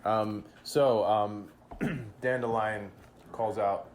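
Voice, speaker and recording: A man running a tabletop game as game master, narrating with many pauses and fillers. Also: lowish voice, lively intonation, a little mellow, a little hiss or hum. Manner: hesitant, filler-heavy narration.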